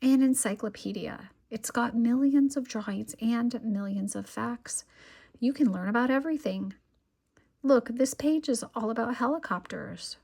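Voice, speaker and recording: A woman voicing a young boy, an older brother who reasons gently and patiently with his sister. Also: a little high, unhurried, creaky, slightly rough, heavily acted. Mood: coaxing.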